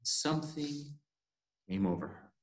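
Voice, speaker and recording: A man leading worship, telling a story for all ages with animated storytelling, in an echoey room. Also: a little high, a little slow.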